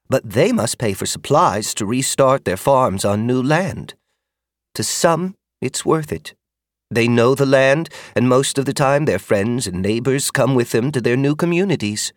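Male narrator voicing a kindly middle-aged woman, soft and motherly, raised and lively voice for an audiobook character. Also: medium pitch, no room sound, clean studio sound, voice pushed up, close to an everyday voice.

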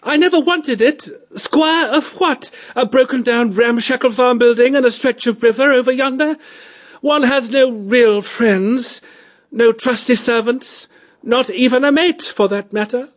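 A man narrating a storybook and voicing a cultured, disdainful male cat aristocrat with a high, reedy tenor voice. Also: a little slow, muffled recording. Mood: weary. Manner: fussy, disdainful, plummy.

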